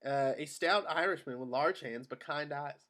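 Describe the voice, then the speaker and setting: A man narrating the stage directions of a screenplay at a table read in a steady, matter-of-fact way. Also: fairly high pitch, normal speed. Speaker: narrator of action lines.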